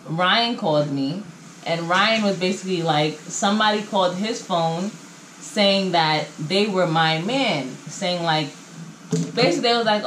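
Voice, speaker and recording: A woman's voice: mid-range voice, normal speed, echoey room, a little hiss or hum, poor audio. A young adult woman vlogging from home in a casual storytime chat, slangy and acting out what each person said. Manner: chatty, slangy storytelling that acts out what people said. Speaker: vlogger telling a story time. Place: in her home. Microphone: camera mic.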